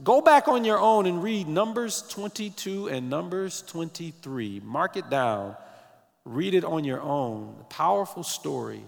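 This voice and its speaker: A man preaching a sermon as pastor, animated, sometimes breaking into snatches of song, with his morning voice. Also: on the high side, unhurried, vocal fry, long reverb tail.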